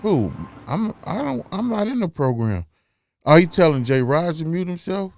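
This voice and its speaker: A man's voice: on the high side, big pitch swings, normal speed, vocal fry, a little mellow. A man hosting a casual podcast, laid-back and slangy, joking his way through a technical hitch. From Cincinnati. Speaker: podcast host.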